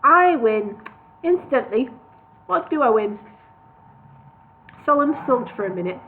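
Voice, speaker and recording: A woman's voice: sits high, lively intonation, normal speed, a little hiss or hum. A woman reading a parody storybook aloud on a livestream, with wry, chatty asides. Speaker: reader of a parody book. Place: home, livestream. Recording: tinny phone-like audio.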